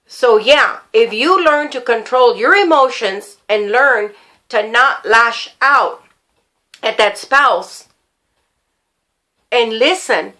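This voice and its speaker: A woman's voice: high-pitched, sharp tone. A woman giving sermon-style Bible teaching to women, earnest, repeating her key phrases and telling stories from her own life.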